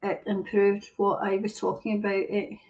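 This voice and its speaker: A woman's voice: mid-range voice, completely flat delivery, moderate pace, a little mellow. A woman hosting a live stream, ranting bluntly and swearing heavily while reading viewer comments. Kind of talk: casual ranting chat. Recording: dull lo-fi stream audio.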